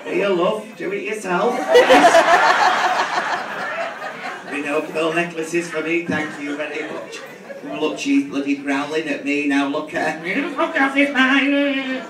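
A man's voice: a little high, lively intonation, takes it slowly. A man with a Manchester accent performing live drag stand-up, crude and teasing toward the crowd in a big bar. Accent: Mancunian. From Manchester, England. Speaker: drag queen comedian. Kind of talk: live stand-up with audience banter. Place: large bar venue with a live audience. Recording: echoey, distant live room recording with crowd noise.

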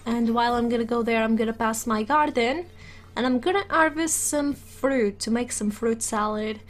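High-voiced, giggly woman gaming. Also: normal speed. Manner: giggly and excitable, chatting to her game pets. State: a little sick. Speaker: let's play gamer. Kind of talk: casual game commentary.

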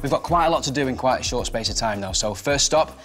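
A man presenting a kids' TV show in an excitable, jokey, self-mocking way. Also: mid-range voice, quick pace.

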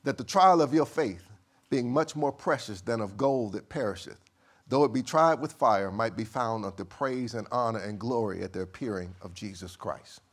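A male pastor delivering a sermon, reading scripture in a measured cadence and swinging from quiet, low passages to loud, high bursts.

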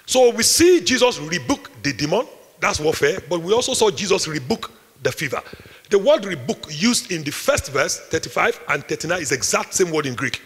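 A man with a Nigerian accent preaching a sermon, repeating his lines with force and building up to shouts. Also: fairly high pitch, sing-song, normal speed, breathy edge. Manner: preaching with emphatic repetition, rising to shouts. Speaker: pastor. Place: large hall at a retreat. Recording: echoey hall, long reverb.

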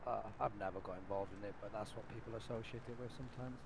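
A man's voice: fairly low pitch, fairly even intonation, very fast. A laid-back man with a London accent, from the Midlands, talking in slangy game role-play dialogue and calling people bro. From English Midlands. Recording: clear background noise.

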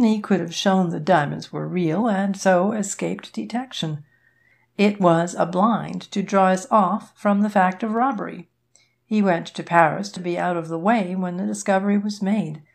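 A woman's voice: fairly low pitch, creaky. A woman reading a shrewd rich businessman. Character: shrewd wealthy older businessman, quick-tempered.

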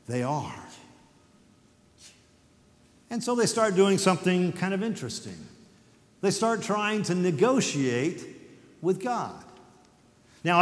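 A middle-aged man giving a chapel sermon, earnest and conversational, reading scripture with dramatic pauses. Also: high voice. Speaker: university president speaking at chapel. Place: large hall. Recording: echoey hall, distant at times.

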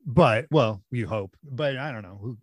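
A man's voice: mid-range voice, a little slow, no echo, studio quality. A man co-hosting a podcast in casual chat, enthusiastic and profane, often ending lines with "man". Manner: enthusiastic, swears, says man a lot. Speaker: podcast co-host.

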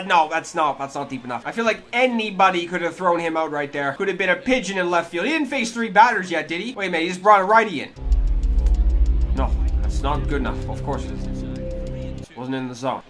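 A man giving live gameplay commentary, cursing freely and swinging between low muttering and yelling at the game. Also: lively intonation, a little fast. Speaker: gaming video creator. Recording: clear game music under the voice. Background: game music.

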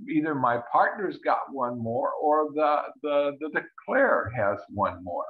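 A man teaches a card-game hand in a chatty walkthrough, his pitch swinging up and down as he acts out what each player is thinking. The recording sounds dull and lo-fi. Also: very animated, unhurried, few pauses. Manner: chatty, acts out players' thoughts in little voices. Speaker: bridge teacher. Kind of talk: screen-share lesson walkthrough.

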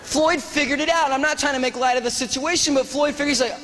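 Man from the United States, speaker at a fundraiser, animated storyteller, high voice, long hall reverb, faint ambience. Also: quick pace, few pauses, a little hiss or hum. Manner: animated, acts out dialogue. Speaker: guest speaker, former soldier. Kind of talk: storytelling speech.

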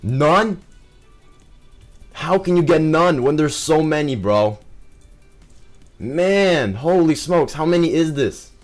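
Excitable young man commenting on gameplay. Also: on the high side, takes it slowly, pauses often, soft background music. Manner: excitable, frequent exclamations and fillers.

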